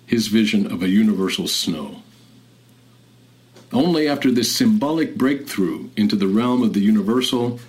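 Low-voiced scholarly male host. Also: poor audio. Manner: measured, deliberate, scholarly. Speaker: radio host. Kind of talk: literary commentary and reading.

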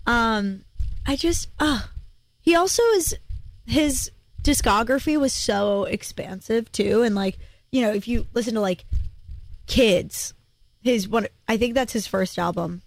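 A woman's voice: on the high side, a little slow, no room sound. A young woman co-hosting a radio music show in a studio, chatty and playful. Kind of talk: casual radio chat. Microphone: studio microphone.

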